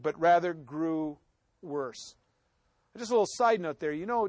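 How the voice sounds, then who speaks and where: A man's voice: high-pitched, no room sound. A man preaching a sermon, reading scripture aloud and breaking off into casual asides and jokes to the congregation. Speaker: pastor.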